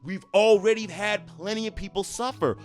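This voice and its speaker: A man's voice: high voice, normal speed, soft background music. A man giving earnest, emphatic relationship advice straight to camera, repeating himself for stress. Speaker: relationship coach. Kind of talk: motivational talk to camera.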